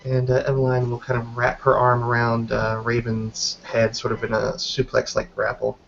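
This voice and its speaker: A man's voice: mid-range voice, monotone, moderate pace, gravelly, fairly bright tone. A man narrating his character's actions in a tabletop role-playing game, hesitant and full of fillers, on a dull lo-fi recording with faint noise. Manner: hesitant, many fillers and hedges. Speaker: player.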